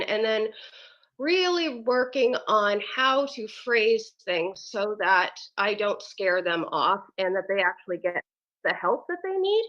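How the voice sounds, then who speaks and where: A woman guesting on a podcast as a sex educator, chatting casually in a wry, unhurried way with light laughs. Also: fairly high pitch, a bit bright, highs cut off. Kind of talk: casual chat.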